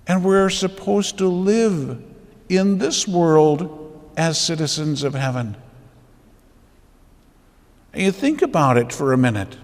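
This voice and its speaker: A priest giving a homily with emphatic rhetorical questions, building to intense exhortation. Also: male voice, high-pitched, big-room sound. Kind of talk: sermon. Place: church.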